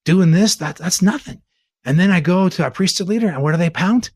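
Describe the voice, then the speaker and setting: A man from the Bay Area of California, an interview guest telling a personal story in an earnest, animated way and posing rhetorical questions. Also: high voice, fairly quick, no room sound. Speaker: interview guest, church leader. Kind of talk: conversational storytelling.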